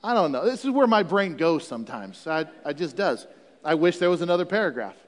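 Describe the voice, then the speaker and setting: Brief: male pastor, sermon, casual and joking between readings, high voice, long hall reverb. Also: very animated, brisk. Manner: conversational, humorous asides.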